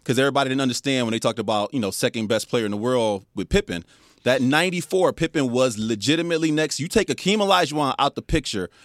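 A man co-hosting sports talk radio in a studio, his pitch swooping up and down as he makes his points. He talks in a slangy, emphatic way. The sound is dry and close. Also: lively intonation, quick pace, no room sound. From Detroit. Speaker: radio co-host.

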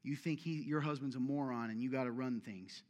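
A man preaching a sermon as pastor, with an emphatic, conversational delivery and big swings from loud to quiet. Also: medium pitch, brisk, in a large hall.

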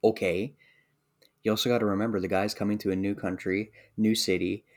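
A man co-hosting a podcast talks in a fairly low voice and argues his point earnestly. He often restarts his sentences as he goes. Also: level tone, fairly quick. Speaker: podcast co-host. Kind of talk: casual hockey podcast chat.

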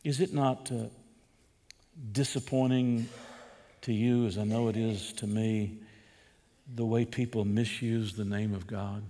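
A man's voice: fairly low pitch, steady tone, a little slow, pauses often, dark tone, big-room sound. A man preaching a sermon as pastor, posing rhetorical questions to his listeners and building emphasis as he goes.

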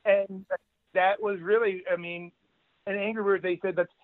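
An entertainment executive appearing as a podcast guest tells business stories in a casual chat, animatedly acting out the quotes as he goes. His voice sits high at a moderate pace, with no echo and phone-quality sound.

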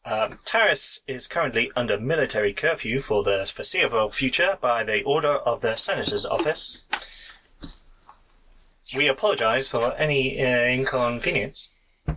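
A man voicing a flat, slow automated security message in a tabletop game. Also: medium pitch, a little hiss or hum, low-quality recording.

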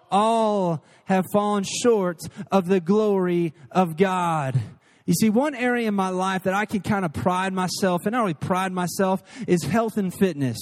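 A man from Missouri preaching a sermon, telling a comic personal story and acting out the voices in it. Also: high voice. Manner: animated storytelling, acts out voices.

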